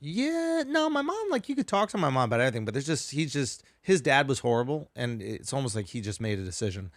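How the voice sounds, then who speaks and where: An American man of average pitch tells an animated, swearing story in a casual podcast chat. He is a comedian, and he laughs easily as he talks. The mic is close and dry, with no room sound. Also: fast talker, no echo.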